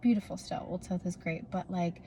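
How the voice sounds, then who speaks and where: With a warm, lowish voice and fairly even intonation, a young woman vlogs at normal speed from her parked car, slight noise in the background. Recorded on a propped-up phone, her casual chat rambles along with many fillers and restarts.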